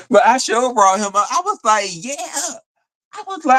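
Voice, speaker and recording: A man hosting a live stream, telling a story in a chatty, animated way and answering viewer comments. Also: very high-pitched, a little slow, pauses often. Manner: animated storytelling, addresses viewers as y'all, frequent fillers. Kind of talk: casual live stream chat reading comments.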